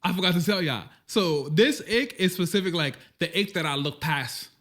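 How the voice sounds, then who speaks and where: Lively, bright-voiced man hosting a podcast. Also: high voice, moderate pace. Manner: blunt, profane, joking. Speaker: podcast host. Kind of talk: casual chat.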